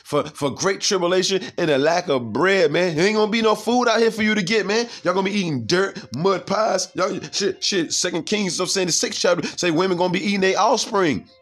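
Male street-style preacher, higher voice, heated and crude, reads verses then riffs on them. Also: brisk, hardly any pauses, fairly bright tone. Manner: profane, heated, keeps asking "you see?". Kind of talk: informal scripture preaching.

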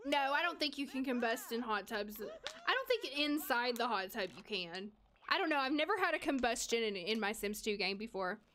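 High-pitched young woman streaming a game, chatty n giggly, talks to chat. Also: very animated, moderate pace, a bit bright, slight background noise. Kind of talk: casual live-stream chat over gameplay.

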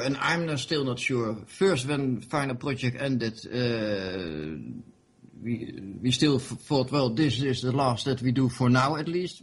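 A man's voice: mid-range voice, breathy edge. A man being interviewed about his game mod, talking casually with many fillers and restarts. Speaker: interview guest, game modder.

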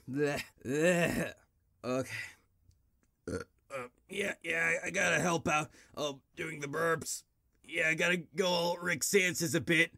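Bright, high-ish man flubbing retakes. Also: measured pace, vocal fry, no echo, clean studio sound. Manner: flustered, frustrated retakes. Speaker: voice actor. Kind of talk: blooper outtakes, casual chat.

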